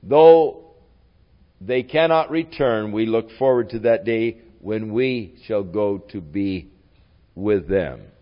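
A man preaches a sermon slowly and deliberately, his voice swinging widely in pitch and loudness. The audio is dull.

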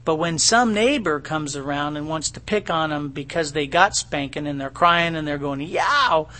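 Speaking at a normal speed, this middle-aged pastor preaches in a conversational manner, his high, bright voice repeatedly checking in with listeners in down-home, folksy fashion.

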